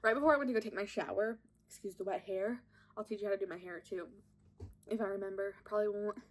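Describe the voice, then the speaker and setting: A woman's voice: medium pitch, steady tone, quick pace. A young woman, host of a podcast, chatting casually and giggling while she does her makeup at home and films on her phone. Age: young adult. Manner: chatty, giggly, self-mocking storytelling. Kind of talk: casual makeup vlog chat. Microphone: phone camera propped up.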